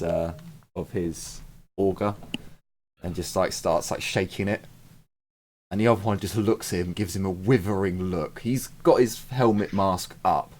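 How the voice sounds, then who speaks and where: A man with a very deep voice narrates a tabletop game as its game master. He describes scenes in a relaxed, unhurried way, pausing on fillers as he goes.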